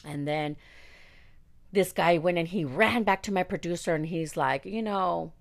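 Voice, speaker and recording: A woman's voice: fairly low pitch, normal speed. A woman telling a candid personal story about her singing career, blunt and outspoken, swearing freely. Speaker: singer recounting her career.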